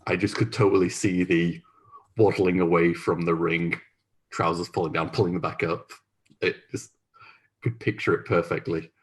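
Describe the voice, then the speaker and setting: A man reflecting thoughtfully after a tabletop game, hesitant and pausing often. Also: sits low, level tone.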